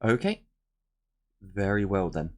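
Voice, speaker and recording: A man's voice: low voice, sing-song, slow pace, a little mellow. A man game master explaining rules and narrating a tabletop game in a chatty, joking way.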